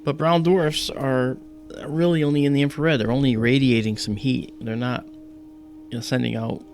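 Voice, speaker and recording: A man's voice: medium pitch, fairly even intonation, normal speed, darkish tone. A man hosting an astronomy livestream, explaining casually with many fillers and restarts.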